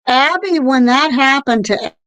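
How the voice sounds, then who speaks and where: A middle-aged woman with a fairly high voice tells a story in a lively, animated rush, with a sprinkle of swearing. The sound is dry and close. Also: measured pace, no echo, rough recording. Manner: animated storytelling, swearing, repeated "I'm there like". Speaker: co-host. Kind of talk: casual chat about paranormal experiences.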